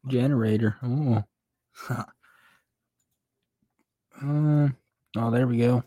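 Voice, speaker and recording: A man's voice: medium pitch, extremely slow, dark tone, no echo. A man co-hosting a casual podcast, easygoing, tossing in wry remarks and laughing along. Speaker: podcast co-host. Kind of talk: casual chat.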